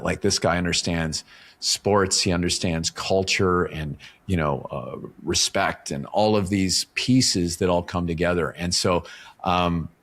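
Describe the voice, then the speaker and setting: A middle-aged man, his voice sitting very low. He talks casually as an interview guest, unfolding his points through anecdotes and checking in with the listener as he goes. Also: fairly bright tone. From Canada. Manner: explains with stories, often checks in with "right?". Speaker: author and professional speaker, podcast guest.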